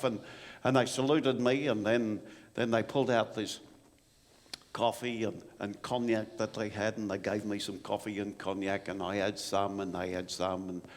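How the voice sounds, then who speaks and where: A man's voice: fairly low pitch, natural voice. A man playing an old Australian bushman spinning a war yarn. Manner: rambling, stammering yarn with repeated "and, and". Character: old Australian bushman recalling his soldiering days. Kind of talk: storytelling monologue in character. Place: live performance venue. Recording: long reverb in a venue hall.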